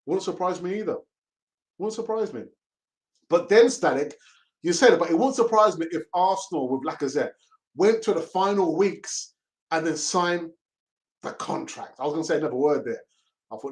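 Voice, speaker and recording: A man's voice: fairly high pitch, lively intonation, moderate pace, long pauses. A man hosting a casual live stream, reading chat messages aloud, laughing and mockingly acting out pleading voices. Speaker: host of a fan channel reading live chat.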